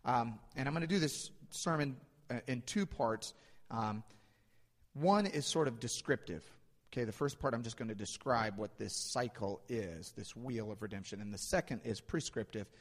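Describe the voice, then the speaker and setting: A man's voice: mid-range voice, normal speed. Man preaching in a reverberant hall. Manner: dynamic, swings between loud emphasis and hushed asides. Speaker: pastor. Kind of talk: sermon.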